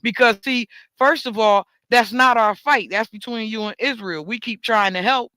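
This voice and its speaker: A woman rants straight into the mic in a high, bright voice. She swears freely and repeats words for emphasis, and the dry recording has no room sound. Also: moderate pace, no echo. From New York. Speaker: talk show host. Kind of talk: ranting monologue.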